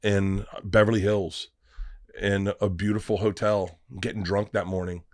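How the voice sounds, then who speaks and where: A man's voice: lowish voice, unhurried, no echo. Comedian guy telling stories on a podcast, lots of swearing and voices, dry studio mic. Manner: animated storyteller, acts out quoted voices, swears freely. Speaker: comedian guest. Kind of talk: casual podcast storytelling.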